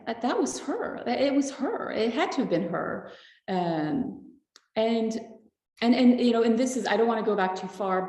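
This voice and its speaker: Woman, podcast guest, halting reflective speech, emotional, mid-pitched voice, roomy echo. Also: gravelly, darkish tone. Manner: halting, reflective, many fillers. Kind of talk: personal testimony, casual talk.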